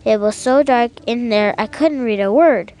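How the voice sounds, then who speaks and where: Old grandmother for storybook, cross and sharp, pitched high; a woman voices her. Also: normal speed, lightly acted. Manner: sharp, raised calls. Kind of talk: storybook reading.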